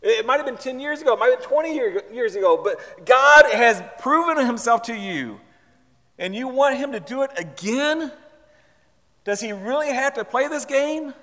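A man's voice: extremely high pitch, animated, moderate pace, sharp tone, long reverb tail. A man preaching a sermon in a church, speaking conversationally and pressing the congregation with pointed questions. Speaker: pastor.

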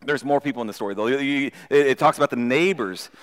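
A man preaching a sermon in an animated way, often repeating words as he starts a sentence. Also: medium pitch, fast talker. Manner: animated, acts out voices of people in the story. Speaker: pastor. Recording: long hall reverb.

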